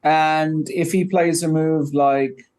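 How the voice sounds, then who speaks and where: A man with a fairly high voice coaches his partner through chess puzzles. He asks leading questions and nudges him toward the answer in an easy, conversational way. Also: steady tone, slow, darkish tone. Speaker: chess trainer and co-host. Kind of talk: casual coaching chat.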